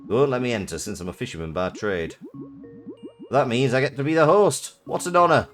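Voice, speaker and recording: A man's voice: mid-range voice, brisk, faint music behind, close to an everyday voice. A man voicing a jolly middle-aged village fisherman with a northern English accent and a hearty, showy delivery.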